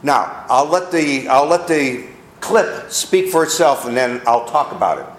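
A male pastor preaches slowly, his pitch climbing and falling with emphasis. His voice sits a little high for a man. The room adds a clear echo around him. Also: expressive. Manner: preaching with rising emphasis, mocking quotes. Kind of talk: sermon. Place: church.

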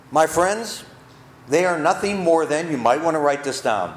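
A man's voice: a little high, moderate pace, reverberant. A man preaching a sermon to his congregation, emphatic, asking the listeners questions and answering them himself. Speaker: pastor. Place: church.

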